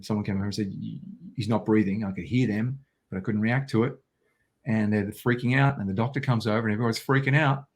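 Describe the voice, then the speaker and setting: Australian man, low voice, interview guest, intense vivid storytelling. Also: steady tone, quick pace.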